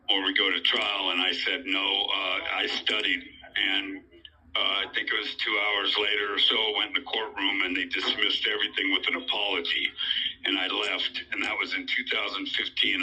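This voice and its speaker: A man's voice: low-pitched, pushed and bright, breathy edge, low-quality recording. A middle-aged man giving a rambling, earnest account of his own legal case, full of hesitations and fillers. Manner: earnest, pleading. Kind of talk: unscripted personal account.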